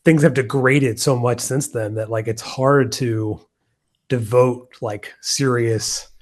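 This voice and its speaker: Man, mid-range voice, hesitant, thinks out loud, casual podcast chat. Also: mid-range voice, fairly even intonation, slow.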